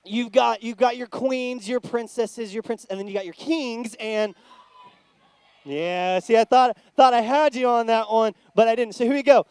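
A man teaching a lively Bible lesson to young children in church, playful and excitable. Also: very high voice, moderate pace, clear, resonant tone, no room sound. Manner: excitable, playful, loud cheers.

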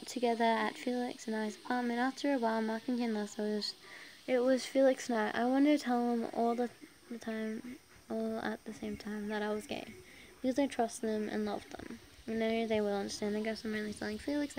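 A woman's voice: fairly high pitch, level tone, moderate pace, a little mellow, a little hiss or hum, poor audio. A young woman reading a fan story aloud, breaking off to giggle and comment, often stumbling over words. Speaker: fan fiction reader.

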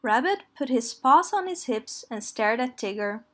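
A woman reading a children's story aloud in a gentle, clear read-aloud manner. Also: on the high side, expressive, moderate pace.

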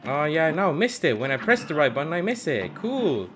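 A young man giving casual gaming commentary, swearing and frustrated, with loud outbursts. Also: fairly high pitch, sing-song, moderate pace, faint music behind. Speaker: gameplay streamer.

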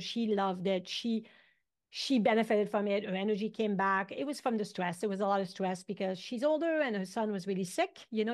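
A woman in her fifties, an acupuncturist guest, chatting casually and telling animated stories in which she acts out what people said. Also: mid-range voice. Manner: animated storyteller, acts out quotes. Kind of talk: casual interview chat.

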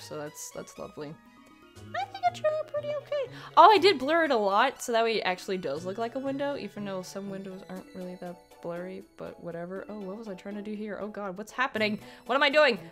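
A young woman giving casual, rambling commentary over a speed paint, giggling often and poking fun at her own work. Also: lowish voice. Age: young adult. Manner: giggly, rambling, self-deprecating. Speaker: digital artist.

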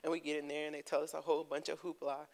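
A woman giving a heartfelt personal testimony to her church, earnest and quick to laugh. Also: low-pitched, low-quality recording. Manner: earnest, laughing, breaks into excited storytelling. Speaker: congregation member giving testimony. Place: church sanctuary.

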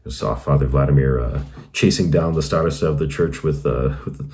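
A man with an extremely deep voice and a dark, mellow tone tells his own conversion story for his channel. He talks in an earnest, meandering way and leans often on "you know". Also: a little fast. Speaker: channel host.

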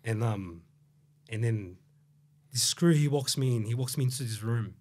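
A man with an Australian accent, raised there after a Brazilian childhood, tells his story as a podcast guest. He rambles, swears freely and leans on fillers, in a voice of ordinary middle pitch. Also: normal speed, a little mellow. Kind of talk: casual storytelling interview.

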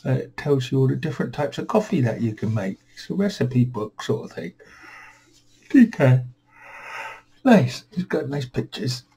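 A man's voice: medium pitch, animated, moderate pace, creaky, dark tone, breathy edge, rough recording. A tired man rambling through a home vlog, weary and self-deprecating, grumbling at himself. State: tired, yawning. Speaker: vlogger.

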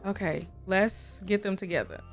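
A woman, hosting a casual, excitable let's-play and chatting to viewers as she plays. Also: mid-range voice, moderate pace, faint music behind. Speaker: gaming video host. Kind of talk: casual game commentary.

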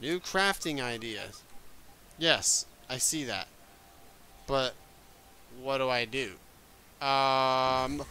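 A young man giving casual gameplay commentary, excitable, swearing often and yelping at scares. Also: on the high side, a little fast, clear, resonant tone. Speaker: gaming video creator.

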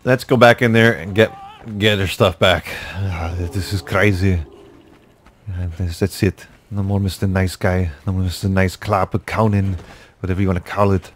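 Low-voiced male gaming host, muttering jokey play-by-play with a light hiss behind. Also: fairly even intonation, moderate pace. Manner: talks to himself, jokey, exasperated outbursts. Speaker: gaming YouTuber. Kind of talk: casual gameplay commentary.

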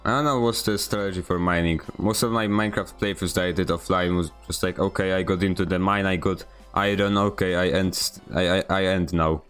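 A man's voice: low voice, steady tone, fairly quick, hardly any pauses, fairly bright tone, clear, resonant tone, soft background music. A man from Poland with a Polish accent, streaming a game and chatting with viewers in a rambling, self-deprecating way. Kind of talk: casual gameplay stream commentary.

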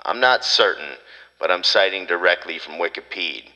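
A man's voice: sits low, normal speed, sharp tone, in a large hall, dull audio. A man hosting a podcast, riffing sarcastically in a rambling comedic monologue. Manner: sarcastic, riffing, mock rants. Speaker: podcast host.

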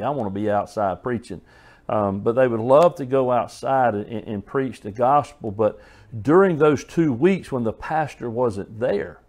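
A man's voice: medium pitch, a little mellow. A man preaching a sermon, earnest and folksy, telling stories and often restarting his phrases.

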